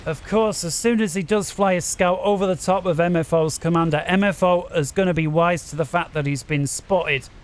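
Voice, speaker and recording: A man commentating a strategy game match with rising excitement, urging the players on and bouncing in his chair at a desk microphone. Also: sits high, moderate pace, few pauses, a little hiss or hum.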